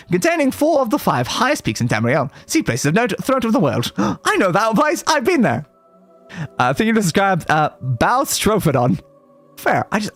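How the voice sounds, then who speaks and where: A man reading game lore aloud on a livestream, breaking off for playful asides, stumbling over words and laughing at his own mistakes. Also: high-pitched. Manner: reads aloud with playful asides and self-corrections.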